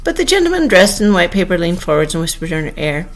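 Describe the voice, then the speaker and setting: Woman, audiobook narrator, expressive, unhurried, somewhat low voice. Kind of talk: audiobook reading.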